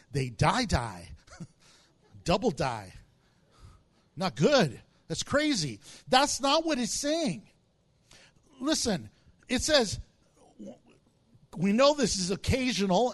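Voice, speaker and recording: A man preaching as a pastor, telling stories with jokes and acting out quotes. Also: very high-pitched. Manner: animated storytelling with jokes and acted-out quotes. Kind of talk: sermon.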